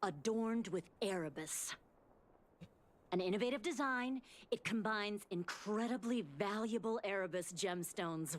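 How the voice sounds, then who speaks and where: An actress playing a polished auctioneer who announces items in a formal way. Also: female voice, mid-range voice, natural voice. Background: game music.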